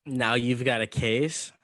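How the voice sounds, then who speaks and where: Male podcast host, mid-range voice, casual interviewer with quick follow-up questions. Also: medium pitch, a bit bright, poor audio. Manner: short probing questions. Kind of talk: casual chat.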